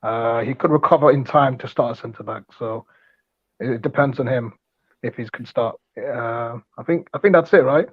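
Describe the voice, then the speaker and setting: Man, halting co-host, lo-fi dull sound, dry. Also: mid-range voice, breathy edge, no room sound. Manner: halting, unsure with names. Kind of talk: casual live-stream chat.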